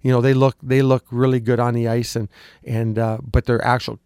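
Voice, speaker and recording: A man's voice: mid-range voice, level tone, fairly quick, darkish tone, clean tone, no echo, clean studio sound. A man coaching hockey, answering questions in a casual interview, rambling with lots of restarts and fillers, his voice a little worn. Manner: rambling, repeats words, frequent ums. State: slightly lost voice.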